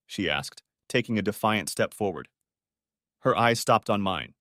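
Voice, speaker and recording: A man narrating a first-person revenge story as an audiobook, with expressive, dramatic storytelling. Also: lowish voice, unhurried, no echo, clean studio sound.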